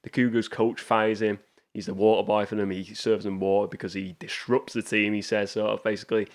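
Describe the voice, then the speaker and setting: A man's voice: fairly low pitch, little pitch movement, fairly quick. A man hosting a casual film review show, talking enthusiastically with frequent restarts and rambling asides. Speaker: movie show host.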